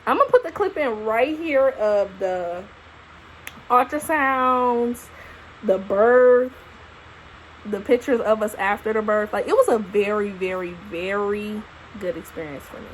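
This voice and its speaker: A young woman, a new mother casually telling her birth story to camera in an expressive, profane way. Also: medium pitch, measured pace, slight background noise, low-quality recording. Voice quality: expressive, profane, animated retelling. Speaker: vlogger, new mom. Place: at home holding her baby.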